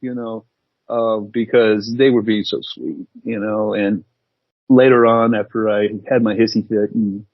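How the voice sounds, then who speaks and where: A man's voice: on the low side, steady tone, measured pace, no room sound, dull audio. A man telling an anecdote on a podcast as the guest, laughing at himself as he goes. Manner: self-deprecating, laughing storyteller. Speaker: guest writer and editor. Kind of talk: casual storytelling chat.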